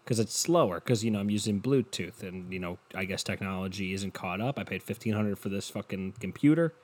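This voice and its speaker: On a cheap desk mic at home, with headphones on, a young solo podcast host rambles in a crude, self-mocking style full of swearing. His voice is fairly low, darkish and fairly quick.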